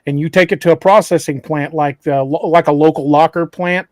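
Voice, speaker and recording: High-pitched man giving practical advice. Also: steady tone, a little fast, dry recording. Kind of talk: casual podcast chat.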